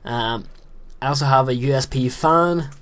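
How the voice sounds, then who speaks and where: In a small closet room, a late-teen guy plays a game and keeps up a rambling, self-deprecating commentary. His voice sits in the mid-range with a fairly bright tone, and he talks at a moderate pace. It's casual gameplay chatter from a gaming commentator.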